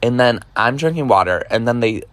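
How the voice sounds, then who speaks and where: A young man in his twenties tells a personal story in a loose vlog style. He talks in an animated way, with many fillers and curses, and acts out the voices of the people in his story. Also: medium pitch, brisk, no room sound. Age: 20s. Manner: animated, lots of fillers and swearing, acts out quotes. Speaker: vlogger. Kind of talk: casual storytelling.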